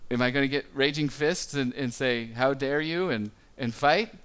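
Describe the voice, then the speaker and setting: A man's voice: mid-range voice, a bit bright, smooth. Man preaching in a conversational way. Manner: conversational, with small stumbles and quick acted-out quotes. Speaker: pastor. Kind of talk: sermon.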